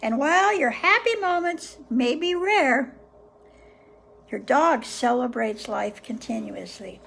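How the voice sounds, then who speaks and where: A woman hosting a session where she reads a book aloud to viewers, pausing often in a gentle, unhurried way to muse on the passages. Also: sits high, expressive, gravelly. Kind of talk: reading aloud with casual reflections.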